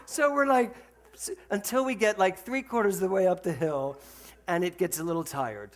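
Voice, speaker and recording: A man giving a storytelling sermon to a congregation, animated and laughing, then slowing to a soft, reflective tone for spiritual points. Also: high voice. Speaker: spiritual center speaker. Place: speaking to a congregation with slides.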